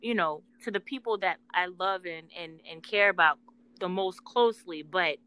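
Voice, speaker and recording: A woman's voice: lowish voice, normal speed, bright, forceful tone, clean tone, poor audio. A woman co-hosting a casual talk, speaking earnestly and emphatically about love and healing, with swearing. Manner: earnest, emphatic, profane storytelling. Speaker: podcast co-host, spiritual intuitive worker.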